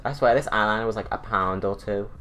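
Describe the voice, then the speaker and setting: A man's voice: fairly low pitch, fast talker, very noisy. A young British man and drag artist, chatting casually through a makeup tutorial with camp, self-mocking asides. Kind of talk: chatty get-ready-with-me tutorial.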